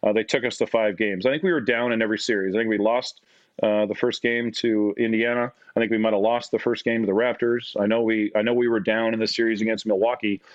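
A middle-aged man with a Canadian accent, a podcast guest telling stories in a casual, animated way. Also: fast, no room sound. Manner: animated, acts out quotes in a higher voice. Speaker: podcast guest, former basketball player. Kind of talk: casual storytelling. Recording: dry, slightly dull audio.

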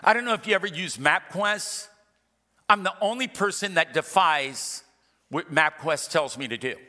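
A man's voice: on the high side, normal speed, bright, forceful tone. A middle-aged man preaching a sermon as pastor, emphatic and repetitive, with humorous asides. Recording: long reverb of a large hall.

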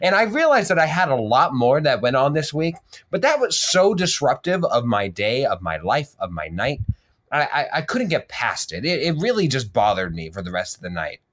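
A man's voice: mid-range voice, moderate pace. Guy on a chatty podcast, rambly storyteller, voice bounces up and down a lot. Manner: animated storyteller, rambling with restarts and laughs. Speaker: podcast co-host. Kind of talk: casual chat.

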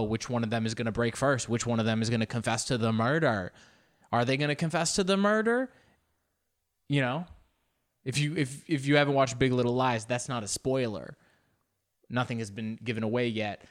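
A man hosting his solo podcast in a casual, rambling way. He is self-deprecating and uses many fillers and restarts. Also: a bit bright. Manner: pitch jumps up and down a lot. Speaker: podcast host.

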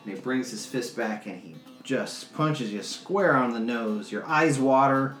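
A man running a tabletop game as game master, describing the scene in a relaxed, loose way and laughing often. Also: mid-range voice, measured pace. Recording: roomy echo, faint music behind.

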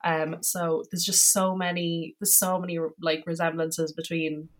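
A woman's voice: low voice, flat delivery, measured pace. A woman guest on a podcast, chatting casually, rambling with lots of restarts and self-mocking asides. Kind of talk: casual chat.

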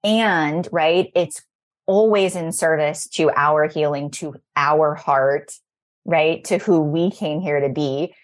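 Reflective woman host, lowish voice. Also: slow. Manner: reflective, mimics others in playful voices. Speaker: podcast host. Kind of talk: casual podcast conversation.

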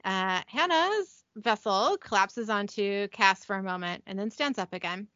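A young woman hosting a podcast, casually recapping a TV episode from her notes, giggly and brisk. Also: medium pitch, expressive, a bit bright, no room sound, muffled recording. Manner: giggly, reads scene descriptions briskly.

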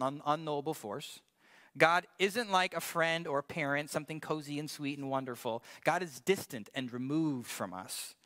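A man preaching in a lively, conversational way, breaking into jokes and quick restarts. His voice sits a little high and rings bright and forceful. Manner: animated, joking, with quick restarts. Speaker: pastor. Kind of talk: conversational sermon.

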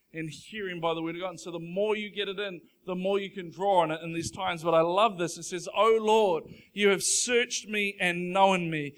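A man preaching a sermon, earnest and emphatic, reading scripture slowly and building into fervent declarations. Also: high-pitched, fairly bright tone. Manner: reads scripture slowly and deliberately. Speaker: pastor.

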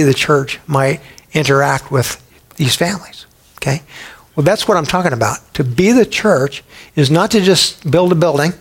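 A male pastor delivering a sermon with a slightly raised pitch. He presses his points with repeated rhetorical questions and an emphatic, urging delivery.

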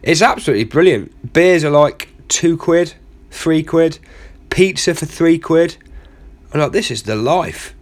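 A man's voice: a little high, measured pace. A man hosting a comedy podcast, telling a rambling, self-mocking story full of asides. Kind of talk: comic storytelling monologue.

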